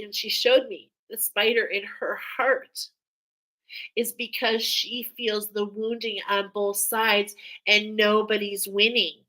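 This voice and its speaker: A woman's voice: mid-range voice, sharp tone, low-quality recording. A woman giving an emotional, hesitant channeled spiritual reading, sighing and restarting as she speaks. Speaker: spiritual reader.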